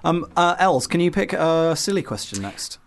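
A man, a comedian, co-hosting a casual chat with quick jokes and asides. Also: on the high side, big pitch swings, vocal fry. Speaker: podcast co-host, comedian.

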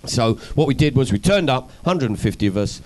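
A man being interviewed, telling long wry anecdotes about his comedy and activism in a relaxed, self-deprecating way. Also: mid-range voice, a little fast, low-quality recording. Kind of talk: conversational storytelling interview.

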